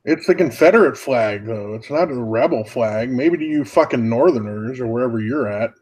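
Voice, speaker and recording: A man's voice: medium pitch, animated, moderate pace, a little mellow, breathy edge, rough recording. A man chatting casually on a podcast, laid-back and teasing, with plenty of swearing. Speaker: podcast co-host. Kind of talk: casual crude chat.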